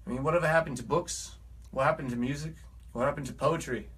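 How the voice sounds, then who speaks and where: Husky man with a put-on British accent. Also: on the high side, steady tone, fast, fairly bright tone. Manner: rambling, earnest and preachy. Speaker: musician. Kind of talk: casual vlog monologue.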